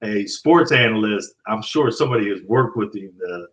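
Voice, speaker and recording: A man with a lowish voice joins a casual chat on a video call. He talks in a chatty, laughing way. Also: lively intonation, normal speed, a bit bright, slight background noise. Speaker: event participant.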